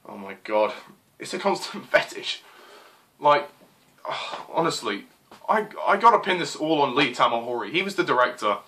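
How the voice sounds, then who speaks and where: Exasperated man ranting, bright and lively. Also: medium pitch, moderate pace, a little hiss or hum. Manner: exasperated, swearing, lots of fillers. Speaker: film reviewer. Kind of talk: ranting film review.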